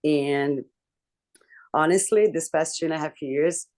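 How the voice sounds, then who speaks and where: A woman in a casual group chat, telling a personal story candidly with swearing and lots of halting restarts. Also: deep voice, darkish tone. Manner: talks in halting restarts and fillers. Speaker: book club member.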